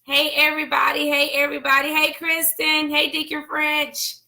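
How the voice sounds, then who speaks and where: A woman's voice: high voice, completely flat delivery, normal speed, vocal fry, bright, forceful tone. A woman co-hosting a church live-stream show, chatting casually and teasingly greeting viewers by name.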